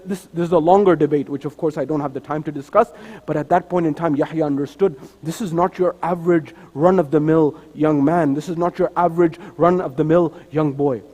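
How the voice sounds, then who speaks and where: High-voiced man preaching in a reverberant hall. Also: dark tone. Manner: acts out the dialogue of figures in his story. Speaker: speaker at a mosque. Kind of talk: sermon storytelling. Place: mosque hall.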